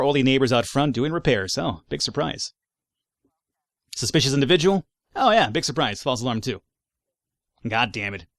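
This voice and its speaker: A man's voice: medium pitch, fairly bright tone, no room sound, studio quality. A man giving casual gameplay commentary, reading in-game reports aloud between wry, sarcastic asides. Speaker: let's play gamer.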